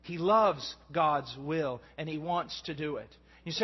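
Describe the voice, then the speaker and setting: A middle-aged man preaching a sermon, earnest, swinging from hushed tones to shouting. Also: on the high side, a little slow, breathy edge. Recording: dull recording in a long-reverb hall.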